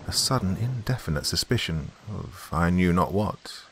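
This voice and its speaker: A man hosting a horror podcast, reading a classic tale in a measured, suspenseful way. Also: sits low, expressive, a little hiss or hum. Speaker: horror story podcast host. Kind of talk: dramatic story reading.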